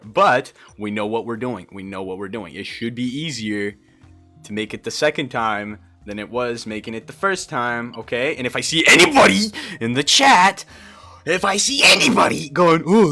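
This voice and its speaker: A young man from Brazil doing live gameplay commentary as a streamer, excitable and quick to swear and yell. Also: medium pitch. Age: young adult. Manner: excitable, swears often, yells and laughs in frustration.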